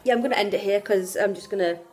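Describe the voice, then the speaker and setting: A woman's voice: medium pitch, quick pace, background noise. A woman, chatting casually as a family travel vlogger, rambling and correcting herself as she films on a handheld camera. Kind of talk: casual vlog chat. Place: outdoors at a beach and at home.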